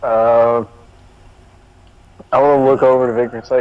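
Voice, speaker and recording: A man's voice: mid-range voice, little pitch movement, moderate pace, clean tone, no room sound, phone-quality sound. A man playing a tabletop game, talking casually in a rambling, hesitant, joking way. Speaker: player.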